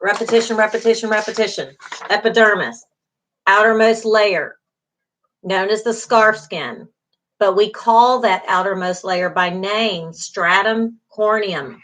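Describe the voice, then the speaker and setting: A middle-aged woman gives an online class lecture in an unhurried, mid-range voice that's a bit bright, captured on a rough recording. She goes over the material patiently, repeating key terms, reassuring her students, and using lots of fillers.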